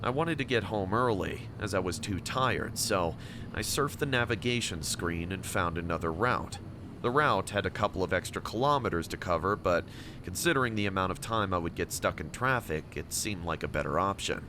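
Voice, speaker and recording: A man reading a scripted first-person story in a steady, measured way. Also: sits low, noisy background. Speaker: story narrator. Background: music.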